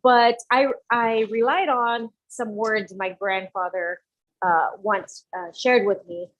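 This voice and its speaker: Speaking slowly in a mid-range voice, a woman shares her story as a guest entrepreneur on an interview podcast. She's lively, dramatizing the quoted words of others, while the audio is muffled and lo-fi.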